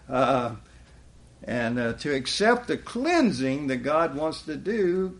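Man, preacher, sermon, gravelly, unhurried, folksy, chuckling. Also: on the high side, big pitch swings. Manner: folksy, chuckling often, quoting scripture with rising emphasis.

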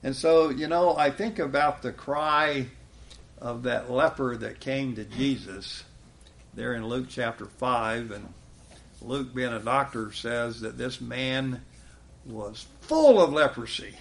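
A man's voice: medium pitch, slow, creaky. A man preaching a sermon in a folksy way, chuckling often and quoting scripture with rising emphasis.

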